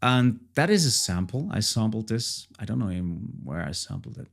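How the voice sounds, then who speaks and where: A man's voice: lowish voice, lively intonation, normal speed, creaky, a little hiss or hum. Chatty man demoing his music project. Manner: chatty, repeats phrases, many fillers. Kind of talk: casual tutorial walkthrough.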